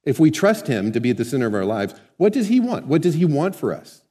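A man's voice: fairly high pitch, sing-song, fast, dark tone, slightly rough. A man preaching a sermon in a conversational way, often asking the congregation questions. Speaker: pastor. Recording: long hall reverb.

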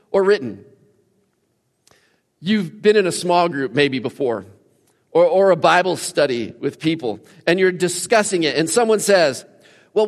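A man preaching a sermon, telling stories with animated swings from quiet talk to shouting. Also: high voice, in a large hall. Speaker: pastor.

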